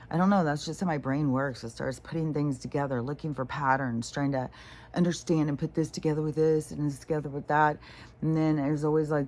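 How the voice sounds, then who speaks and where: A woman's voice: deep voice, a little mellow. A middle-aged woman talking through a rambling spiritual vlog, full of fillers, restarts and casual swearing. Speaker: spiritual vlogger.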